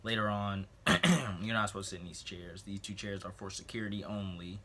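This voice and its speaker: A teenage man telling a rambling, jokey story to the camera, breaking off for asides and frequently clearing his throat. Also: low voice, little pitch movement, a little fast, pushed and bright, a little hiss or hum. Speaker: vlogger. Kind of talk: casual storytelling.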